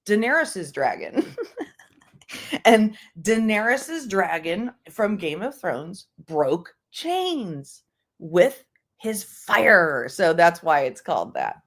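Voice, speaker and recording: A woman's voice: lowish voice, sing-song, slow pace. A woman hosting a casual livestream book club, rambling with many fillers and restarts and tossing in words from other languages. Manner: jokingly drops bits of other languages.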